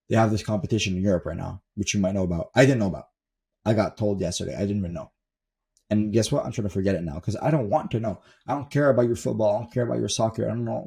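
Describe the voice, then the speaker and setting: A man's voice: lowish voice, gravelly, mellow, husky. A young man giving a blunt, profane motivational monologue as a self-improvement coach, talking from the desk in his room at home and repeating words for stress.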